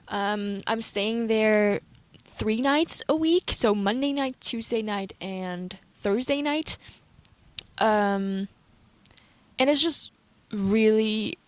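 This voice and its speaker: A young woman, talking candidly to camera in a personal vlog, halting, filling gaps with "like" and swearing often. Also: medium pitch. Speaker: vlogger.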